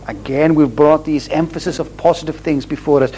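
Emphatic preacher, man with raised pitch. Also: a little mellow, slight background noise, poor audio. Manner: deliberate, emphatic, repeating phrases with rising stress. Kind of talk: sermon.

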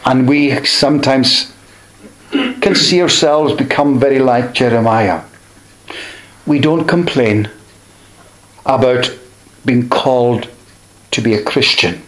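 A man preaching a sermon in a slow, measured way, pausing between short phrases. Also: medium pitch, a bit bright, echoey room, poor audio.

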